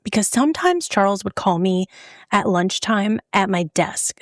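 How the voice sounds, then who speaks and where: A woman's voice: medium pitch, dry recording, clean studio sound. A woman hosting a true crime podcast, telling the story in a casual, conversational way and acting out the people she quotes. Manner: conversational, animated when quoting people.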